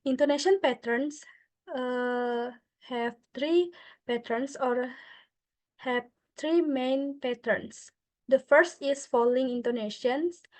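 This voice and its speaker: A young Indonesian woman with a clear Indonesian accent gives a class presentation, and her high voice moves slowly. She stops often on fillers and switches between English and Indonesian. The sound is close and dry, with no room around it. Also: dry recording. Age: young adult. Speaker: student presenter.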